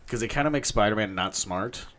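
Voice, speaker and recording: A young man with a somewhat low voice, talking casually as a podcast co-host. He is animated and foul-mouthed. He drifts into rants and quick mock voices. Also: a little hiss or hum. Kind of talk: casual chat.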